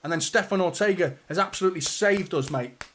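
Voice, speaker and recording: Young man, football watchalong host, sweary, anxious mutters then shouting, slightly high voice. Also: a little fast. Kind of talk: live match reaction commentary.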